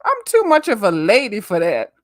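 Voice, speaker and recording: A middle-aged woman on a live online panel, ranting loudly and cussing freely in animated chat. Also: mid-range voice, normal speed, no room sound, clean studio sound. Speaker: YouTuber guest on a live panel. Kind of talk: profane livestream panel chat.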